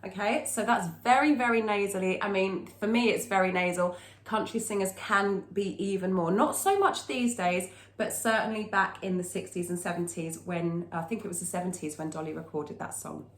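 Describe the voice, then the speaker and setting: A woman's voice: medium pitch, moderate pace, hardly any pauses, echoey room. A woman teaching a singing lesson, explaining technique and breaking into short sung demonstrations.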